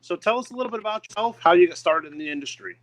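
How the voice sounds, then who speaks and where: Slightly high-voiced male host. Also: expressive, rapid-fire, rough recording. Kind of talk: casual online interview.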